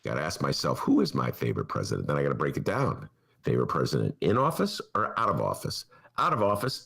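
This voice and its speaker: An older man with a Chicago accent and a deep, gravelly, slightly bright voice hosts a talk show podcast. In a sarcastic comic monologue, he mocks what he reads aloud using mocking voices.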